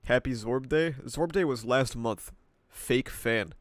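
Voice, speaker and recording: A man's voice: medium pitch, slow, no room sound, studio quality. A man in his twenties with a stuffy nose, chatting casually with viewers on a livestream in a laid-back way, greeting chatters by name, laughing and swearing. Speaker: streamer. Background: video game soundtrack music.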